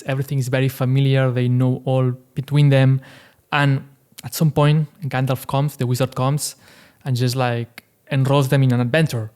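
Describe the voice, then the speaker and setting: A man's voice: medium pitch, darkish tone. A man hosting a casual commentary, chatty and conversational, often adding "right?" and "like" and laughing lightly. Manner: chatty, fillers like "right?" and "like", laughs now and then. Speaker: host.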